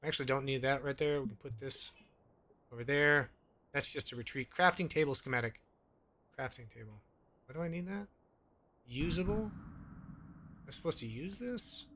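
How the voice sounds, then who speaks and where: A man's voice: medium pitch, normal speed, long pauses, pushed and bright, a little hiss or hum. A man playing a video game, giving a casual muttered play-by-play with the odd swear word into a desk microphone. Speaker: gaming channel host. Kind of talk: let's play commentary.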